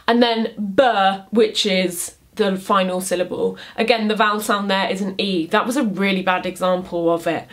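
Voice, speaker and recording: A young woman in her twenties teaching poetry in a casual video lesson, chatty, with many ums and self-deprecating asides. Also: medium pitch.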